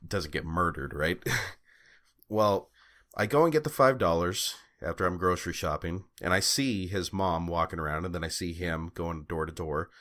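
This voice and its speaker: Deep-voiced man rambling through a story. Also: a bit bright. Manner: rambling storytelling with fillers and profanity. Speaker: podcast co-host. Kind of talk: casual chat.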